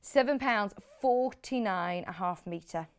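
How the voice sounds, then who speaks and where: A woman's voice: medium pitch, takes it slowly, clear, resonant tone. A British woman hosting a live TV shopping show, chatty and rambling, with lots of asides. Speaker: shopping channel host.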